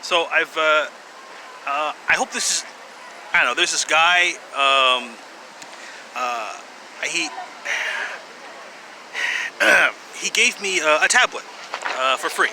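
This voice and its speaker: A man's voice: a little high, slow pace, pauses often, pushed and bright, rough recording. Hesitant man rambling outdoors with traffic noise. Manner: rambling and hesitant, many fillers and sighs, wry laughs. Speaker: vlogger. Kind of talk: casual monologue to camera. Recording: outdoor street noise behind.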